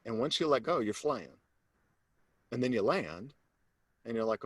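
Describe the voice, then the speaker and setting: Animated man telling a story. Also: a little slow, slightly rough, dry recording. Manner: animated storyteller who acts out quoted voices; drops to a low, earnest tone when making a point. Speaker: sales coach. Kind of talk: storytelling interview guest.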